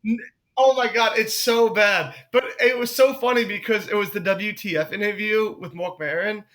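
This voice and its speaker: Young comedian, high-pitched, casual and animated, swears freely. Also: male voice, moderate pace. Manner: animated, swears often, breaks into loud joking voices. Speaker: podcast guest, comedian. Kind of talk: casual podcast chat.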